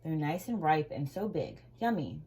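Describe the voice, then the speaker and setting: A woman reading aloud, voicing a sweet, cheerful little girl in a red hood with bright, eager exclamations. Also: low voice, sing-song, normal speed, a little hiss or hum.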